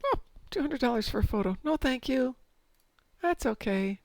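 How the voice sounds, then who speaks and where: A woman's voice: high-pitched, lively intonation, normal speed, vocal fry, a little mellow, no echo. A middle-aged woman streaming a game, chatting casually and talking to herself as she plays. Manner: chatty, rambling, self-talk while playing. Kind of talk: casual chat while gaming.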